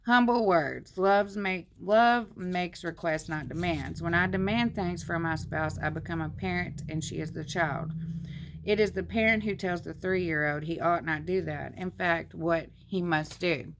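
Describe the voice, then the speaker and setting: A woman's voice: lowish voice, slight background noise. A woman vlogger reading a marriage book aloud into her phone and breaking off to comment in a plainspoken, homey way. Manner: plainspoken, homey, slows down on the read passages.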